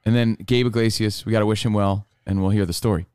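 A man's voice: fairly low pitch, quick pace, clear, resonant tone, no room sound, studio quality. A man from New Jersey co-hosting a podcast, telling stories in a loose, profane, casual way. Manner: animated, profane storytelling. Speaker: podcast co-host. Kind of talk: casual chat.

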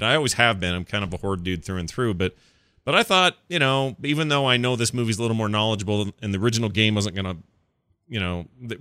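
A man's voice: on the low side, bright, forceful tone, clear, resonant tone, no echo. A man hosting a casual gaming podcast, chatting enthusiastically and joking as he rambles through the news. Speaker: podcast host.

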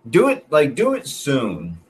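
A man's voice: medium pitch, huge pitch swings, breathy edge. A middle-aged man hosting a podcast, joking around and swearing casually. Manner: joking, slow and drawn-out, salty language. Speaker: podcast host. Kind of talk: casual chat.

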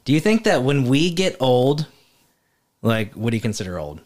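A man's voice: mid-range voice, moderate pace. A man in casual podcast chat, telling a rambling story and swearing freely. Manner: animated storyteller, swears often, acts out voices.

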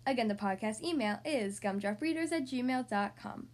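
A woman hosting a podcast, reading a storybook aloud to young children in an expressive, animated way. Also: a little high, moderate pace.

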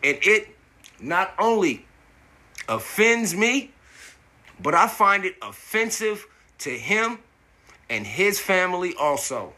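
Indignant man ranting in a slow drawl. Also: high-pitched, very animated, pushed and bright. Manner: indignant, profane, repeats words when worked up. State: coughing from smoking. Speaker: podcast host. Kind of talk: angry monologue.

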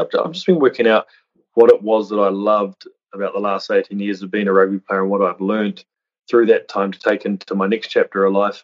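Low, flat-voiced earnest man on a podcast. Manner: earnest, many restarts and "you know" fillers. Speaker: podcast guest, retired rugby player. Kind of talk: reflective interview talk. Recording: dull lo-fi audio.

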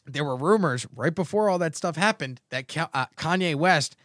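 A middle-aged man hosts a casual podcast, spinning animated, profane stories and acting out other people's lines. His voice sits high and sounds bright and forceful. The recording is dry and close, with no room sound. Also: normal speed, no room sound. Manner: animated storytelling, swearing, acts out quotes. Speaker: podcast host.

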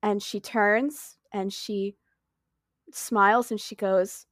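A woman's voice: medium pitch, fairly even intonation, takes it slowly, fairly bright tone, no room sound, clean studio sound. A woman playing in a tabletop game, chatting playfully and narrating her character's actions. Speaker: player. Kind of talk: tabletop role-play chat.

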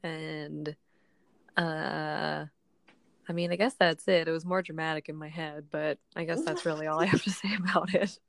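A woman's voice: sits low, steady tone, normal speed, gravelly, dry recording. A young woman co-hosting a casual book chat, rambling and laughing often, her voice just recovering from being sick. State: voice recovering after illness. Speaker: podcast co-host.

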